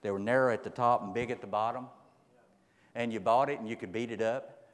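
A man's voice: mid-range voice, fairly even intonation, a little fast, in a large hall. A man preaching a folksy, emphatic sermon. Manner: folksy, emphatic, dramatic swings in loudness.

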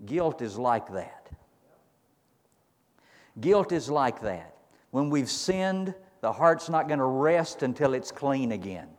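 A man preaching a sermon as pastor, retelling a story and building to loud climaxes. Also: mid-range voice, long reverb tail.

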